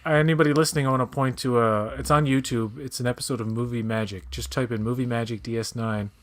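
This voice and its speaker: A man's voice: medium pitch, fairly even intonation, quick pace. A man, co-hosting a casual episode commentary in a rambling, jokey way. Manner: rambling, jokey, breaks into shouted movie impressions. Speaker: podcast co-host.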